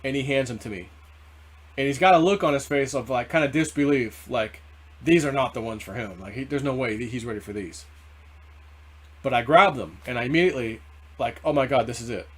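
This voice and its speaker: A man's voice: medium pitch, lively intonation, brisk, breathy edge. Rambling man retelling his dreams. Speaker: crypto video host. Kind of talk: casual monologue.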